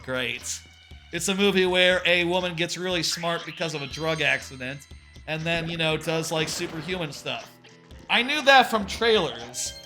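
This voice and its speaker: A young man rambles through casual gameplay commentary, high-pitched and bright, piling up fillers and tossing in the odd curse. Faint game music plays underneath his voice. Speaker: charity streamer.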